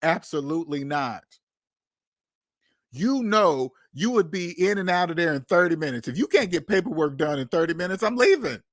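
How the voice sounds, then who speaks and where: A man hosting a casual talk show, telling stories in an animated, profane way, laughing at himself and acting out what others said. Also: on the high side, moderate pace, dry recording, studio quality. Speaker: podcast host. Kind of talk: casual storytelling monologue. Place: Seattle.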